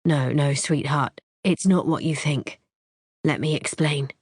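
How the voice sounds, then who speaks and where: A woman's voice: deep voice, normal speed, no room sound, clean studio sound. A woman voicing a flustered man pleading earnestly with his girlfriend, in audiobook dialogue.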